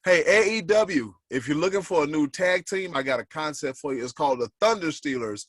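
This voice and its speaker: Bright, animated male podcast co-host, close dry mic, jokey sports banter. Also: fairly high pitch, brisk, no room sound. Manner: animated, joking storyteller.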